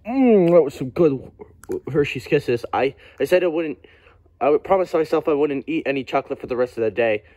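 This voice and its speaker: A man's voice: a little high, expressive, a little fast, warm tone. A man voicing a rambling plush cowboy toy. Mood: cheerful. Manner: rambling, stumbling over words. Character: goofy plush cowboy toy, gross-out joker.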